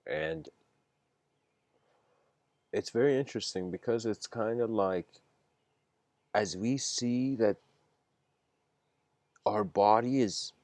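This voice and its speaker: A man's voice: fairly low pitch, takes it slowly, long pauses, darkish tone, no room sound. A man giving a casual livestreamed lecture, meandering and hesitant with slangy phrasing.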